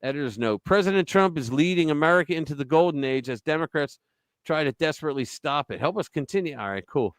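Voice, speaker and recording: A man hosting a live stream, reading an opinion piece aloud in an animated, mock-dramatic way, then chatting casually. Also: on the high side, quick pace, clean tone, dry recording. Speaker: host of a political live stream.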